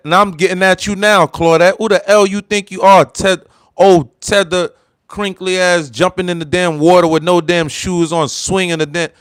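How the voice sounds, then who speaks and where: A young man hosting a livestream, chatting casually with his viewers, with lots of fillers, loud laughter and bursts of heated ranting. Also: fairly high pitch, clear, resonant tone, no echo, clean studio sound. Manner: rambling, heavy fillers, laughs loudly. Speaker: livestream host. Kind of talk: casual livestream chat reading comments.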